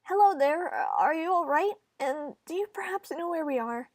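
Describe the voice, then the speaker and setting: A timid, friendly young protagonist, as a woman reads her in a fan visual novel, stammering and apologizing often. The voice is fairly high, recorded close in a dry room. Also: expressive, measured pace, dry recording, full character voice.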